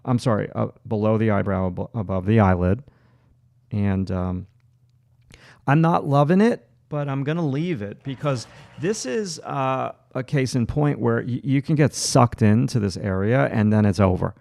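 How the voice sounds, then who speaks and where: A man's voice: medium pitch, expressive, moderate pace, vocal fry, a little mellow, no room sound, clean studio sound. A man with a Long Island accent, teaching a livestream drawing demonstration and thinking aloud as he works, with lots of fillers and restarts. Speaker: art instructor.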